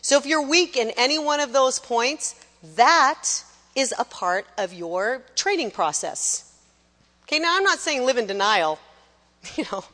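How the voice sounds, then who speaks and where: Animated high-voiced woman coaching worship singers. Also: big-room sound. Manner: animated, sings short demonstration lines, mimics people. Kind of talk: lively teaching talk to a class.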